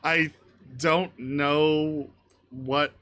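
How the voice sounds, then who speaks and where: A man's voice: a little high, steady tone, very slow, bright, forceful tone. A man chatting casually about running tabletop games, hesitant and self-deprecating, laughing easily, on a video call. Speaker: game master. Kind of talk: casual chat between game masters.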